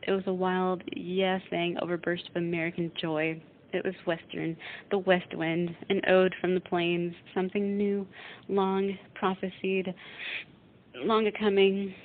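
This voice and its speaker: A woman radio host reading a novel aloud in a steady, measured way, heard through a tinny phone-like sound. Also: fairly low pitch.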